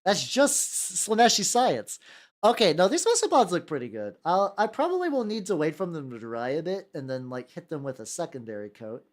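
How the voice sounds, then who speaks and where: A man's voice: fairly high pitch, very animated, brisk. A young man from the United States chatting casually while he paints miniatures, rambling, stammering and repeating words. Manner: rambling, stammers and repeats words, laughs often, jumps between topics.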